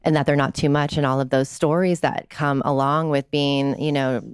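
Interview guest: woman, low smooth voice, candid and earnest, dry studio sound. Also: steady tone, no echo. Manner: candid, earnest storytelling, soft and slow when recounting. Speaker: guest therapist. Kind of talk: interview conversation.

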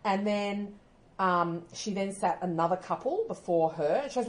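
An Australian woman co-hosting a podcast, telling stories in a casual, animated way and often laughing as she talks. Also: lowish voice, fairly quick. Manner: animated storytelling, often laughing mid-sentence. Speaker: podcast co-host.

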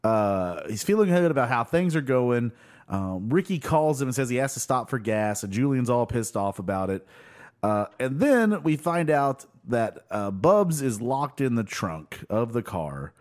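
A man's voice: medium pitch, very animated, unhurried, a little mellow. A man casually chatting as podcast co-host, retelling scenes with lots of fillers. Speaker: podcast co-host recapping a show. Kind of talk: casual chat.

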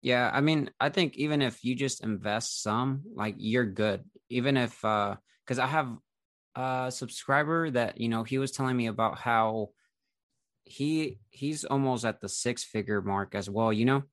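A man's voice: mid-range voice, unhurried, a bit bright, no room sound, studio quality. A man who runs an investing channel, talking in an easygoing, chatty way with many filler words during a casual conversation. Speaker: investing YouTuber. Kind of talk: casual conversation between creators.

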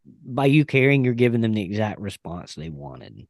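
A man's voice: medium pitch, lively intonation, moderate pace, gravelly, no echo, clean studio sound. Easygoing man hosting a podcast. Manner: easygoing, folksy, joking. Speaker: podcast host. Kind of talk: casual chat.

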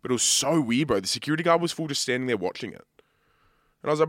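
A man's voice: mid-range voice, animated, racing, fairly bright tone, no room sound, clean studio sound. Sweary young Australian man telling a story. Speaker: podcast co-host. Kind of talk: casual chat.

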